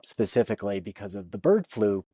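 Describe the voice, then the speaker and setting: A man's voice: lowish voice, fairly quick, slightly rough, no echo. A man who is a chicken farmer, telling stories as a podcast guest, acting out what people said and laughing often. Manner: lively storyteller who acts out dialogue and laughs often; repeats and restarts words while telling a story. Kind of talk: casual storytelling interview.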